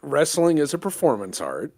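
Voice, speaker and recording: A man's voice: fairly high pitch, big pitch swings, normal speed, a little mellow, no echo, studio quality. A man chatting casually as a podcast guest, asking rambling questions. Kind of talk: casual chat.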